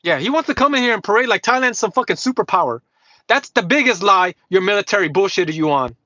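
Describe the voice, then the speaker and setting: A man's voice: high-pitched, animated, fast, bright, forceful tone, no echo. A man livestreaming a heated, combative rant to his chat, swearing constantly, mocking and repeating himself. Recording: dull lo-fi livestream audio.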